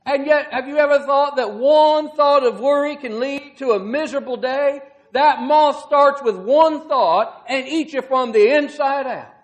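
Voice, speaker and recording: A man's voice: very high-pitched, dull audio. A man preaching a sermon in an earnest, folksy way, asking rhetorical questions and building to dramatic emphasis.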